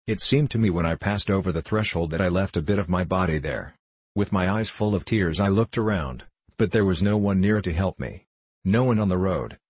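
A man narrating a novel aloud in calm, even scripted narration. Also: low-pitched, breathy edge, no echo. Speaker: audiobook narrator.

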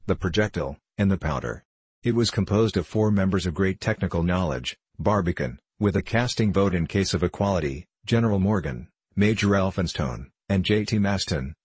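A man with a deep, slightly husky voice reads a classic novel aloud in an even, formal style. The recording is dry and close, with no room sound. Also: no echo. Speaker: audiobook narrator. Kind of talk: scripted narration of a classic novel.

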